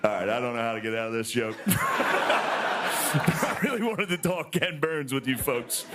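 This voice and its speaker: A man delivering a stand-up monologue as host of a sketch show, rambling and conversational, with sudden high exclamations. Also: a bit bright. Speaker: comedian hosting a sketch show.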